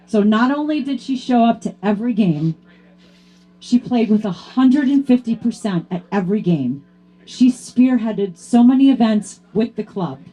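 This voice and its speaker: A woman's voice: fairly high pitch, normal speed. A woman presenting a hall of fame award to her teammate in a heartfelt tribute speech, fighting back tears. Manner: grows loud and excited toward the end.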